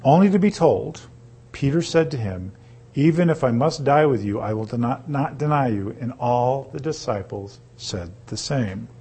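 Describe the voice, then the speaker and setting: Husky man reading and teaching scripture. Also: medium pitch, animated, warm tone. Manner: reads slowly, then explains with rhetorical questions. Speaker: Bible teacher.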